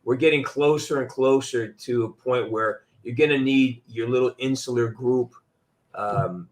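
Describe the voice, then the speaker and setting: Rambling talk show host, a man. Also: mid-range voice. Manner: rambling, halting restarts. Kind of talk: casual talk show chat.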